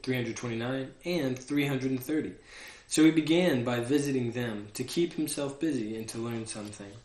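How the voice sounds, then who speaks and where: A man in his twenties reading a children's book aloud, steady in tone, with casual asides. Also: medium pitch. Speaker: reader. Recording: echoey room.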